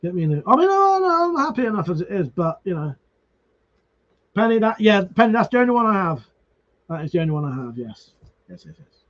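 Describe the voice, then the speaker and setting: Lively, high-voiced male streamer swearing casually. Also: quick pace, pauses often. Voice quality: swears freely, restarts words. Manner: talks to viewers by name. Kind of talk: casual live-stream chat reading comments. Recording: dull lo-fi stream audio.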